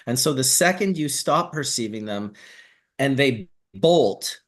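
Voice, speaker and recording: A man hosting a casual chat, telling animated stories and swearing casually. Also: mid-range voice, measured pace. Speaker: host.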